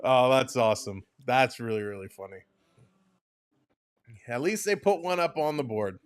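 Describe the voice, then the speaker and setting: A man in mid-range pitch hosts a live sports stream. He rambles easily between calling plays and talking to his viewers, and he stays casual and chatty throughout. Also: lively intonation, moderate pace, clean tone. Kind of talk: casual play-by-play and chat reading.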